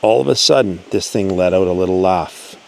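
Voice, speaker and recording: A man hosting his channel reads a listener's encounter story aloud, earnest and storytelling, with pauses. His voice sits low with a gravelly, darkish tone, and the audio quality is poor.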